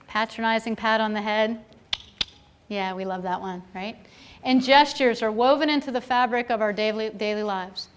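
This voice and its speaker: A woman's voice: high-pitched, clean tone. A woman presenting a live training seminar to a room of people, chatty, with playful asides and frequent checks of "right?".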